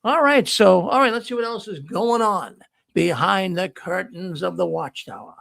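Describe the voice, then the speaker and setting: A man's voice: high-pitched, normal speed, creaky, a bit bright, no room sound. A man hosting a live call-in show, talking casually and rambling through stories with many restarts. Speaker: host of a call-in livestream show.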